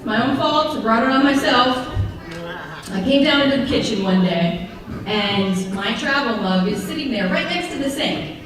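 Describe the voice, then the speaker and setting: A woman performing a stand-up routine, sarcastic and animated as she tells stories. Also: a little high, moderate pace, a crowd in the background. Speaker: stand-up comedian. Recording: echoey venue, mic far off.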